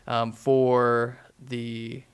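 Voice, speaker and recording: A man's voice: mid-range voice, completely flat delivery, drawn-out words, clean tone. A man from the southern United States, chatting casually as a podcast host and rambling through his stories with many fillers. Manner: rambling, filler-heavy storytelling. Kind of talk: casual chat.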